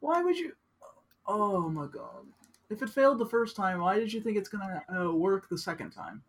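Husky-voiced co-host reacting in disbelief. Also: mid-range voice, big pitch swings, normal speed. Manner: reacting with short stunned exclamations. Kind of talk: casual chat.

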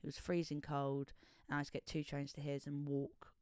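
A woman's voice: low voice, level tone, brisk, darkish tone, smooth, no echo, studio quality. A woman guest in a casual podcast conversation, speaking candidly and bluntly and swearing freely. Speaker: guest, musician and visual artist.

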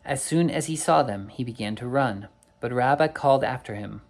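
A man's voice: mid-range voice, normal speed, vocal fry. A man reading an old storybook aloud, unpolished, with occasional slips and self-corrections.

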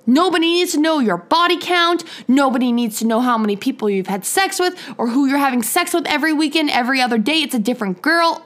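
A woman's voice: high voice, fairly bright tone. A young woman hosting her own podcast, ranting bluntly and heatedly, swearing in nearly every sentence. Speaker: podcast host. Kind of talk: profane solo podcast rant.

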